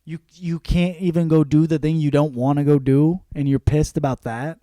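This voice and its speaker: A man's voice: on the high side, steady tone, moderate pace, dark tone, no room sound, clean studio sound. A young man hosting a podcast, giving a casual book review, swearing freely and acting out the characters' lines. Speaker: podcast host.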